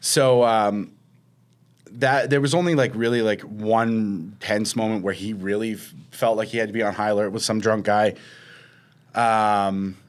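A man's voice: fairly low pitch, fairly even intonation, measured pace. A man, co-hosting a podcast and telling a story in casual chat, acting out quotes with a raised voice. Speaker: podcast co-host.

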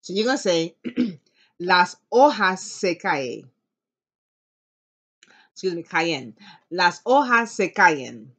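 A woman teaching an elementary Spanish class, slowly modeling words for students to repeat and cheering them on. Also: lowish voice, expressive. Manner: upbeat and encouraging. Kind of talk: classroom language lesson. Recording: dull lo-fi classroom recording.

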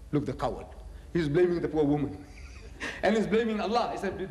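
A religious lecturer with a fairly high male voice speaks at a moderate pace and pauses often. He delivers a public talk on scripture, telling stories animatedly, chuckling, tossing in mocking asides and repeating phrases for emphasis. The hall gives the recording an echoey reverb.

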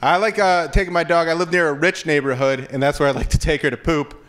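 A man's voice: fairly high pitch, fairly even intonation, fast talker, a bit bright. A man doing a stand-up comedy set on stage, telling stories in a wry, conversational way into a handheld mic. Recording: live room with audience noise.

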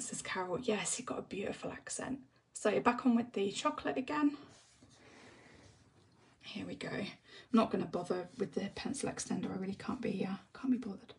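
Gravelly English woman, soft chatty tutor. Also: medium pitch, far from the mic. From England. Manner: relaxed rambling chat, often drops to a soft half-whisper while working. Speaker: colouring tutor. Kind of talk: chatty live-stream tutorial while colouring.

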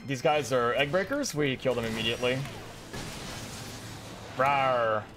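A man giving casual, profane commentary while playing a game, excitable and laughing often. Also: mid-range voice, fast talker, over music. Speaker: streamer reacting to a game.

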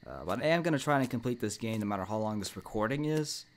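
This let's play horror commentary comes from a young male gaming channel host whose voice sits fairly low. He speaks quickly and animatedly, answering the monster out loud, breaking into nervous laughter and yelping without warning.

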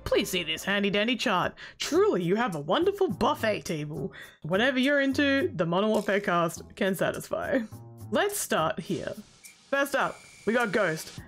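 A woman talking through a casual commentary video essay, brash and sarcastic, who swears freely and bursts into loud exasperated outbursts. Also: medium pitch, very animated, moderate pace, soft background music.

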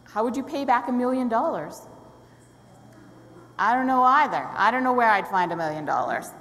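A woman's voice: a little high, animated, moderate pace, a bit bright. A woman leading a children's story in a church service, friendly and asking questions, laughing often. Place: church sanctuary. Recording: long hall reverb, faint room noise.

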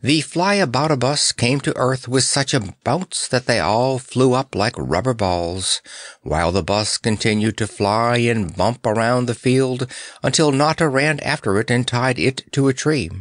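A man reading a children's story aloud in an expressive, animated way. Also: medium pitch, a little slow, no room sound, studio quality. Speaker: audiobook narrator. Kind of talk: storybook narration.

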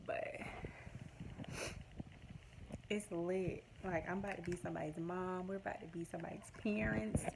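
A woman's voice: lowish voice, steady tone, normal speed, creaky, long pauses, noisy background. A woman in her late twenties talking to her phone camera at home, emotional and rambling as she gushes to her viewers. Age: late 20s. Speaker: vlogger. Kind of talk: casual to-camera vlog.

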